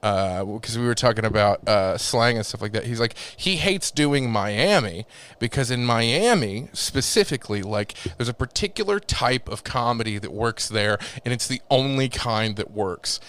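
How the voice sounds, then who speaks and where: A man's voice: medium pitch, lively intonation, moderate pace, a bit bright, clean tone. Guy comedian rambling thru a story on a podcast, cussing a lot, mid voice. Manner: rambling storyteller, heavy swearing, restarts. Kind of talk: casual podcast chat.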